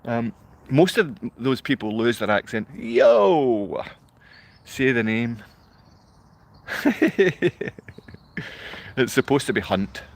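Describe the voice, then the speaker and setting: A middle-aged man with a Glaswegian accent, hosting a rambling, emotional livestream monologue and often laughing. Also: lowish voice. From Scotland. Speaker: livestream host. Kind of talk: rambling live-stream monologue.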